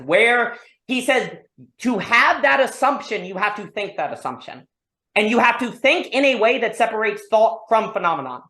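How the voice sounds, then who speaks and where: A woman hosting an online discussion, thinking aloud about philosophy in an animated way, full of restarts and rhetorical questions. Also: on the high side, normal speed. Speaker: discussion host. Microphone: online call. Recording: roomy echo.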